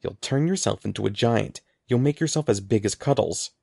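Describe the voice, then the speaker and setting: A man reading the lines of a skeptical, quick-talking schoolgirl in a wry, slightly raised voice. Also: fairly low pitch, animated, gravelly, darkish tone, slightly rough, no room sound, clean studio sound, exaggerated voice.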